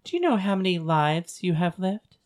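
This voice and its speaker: A calm, ancient goddess speaks with soothing, measured patience, as a voice actor reads her. The voice sits in a medium pitch, as in a storybook audiobook. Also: close to an everyday voice. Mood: gentle. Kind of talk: audiobook dialogue reading.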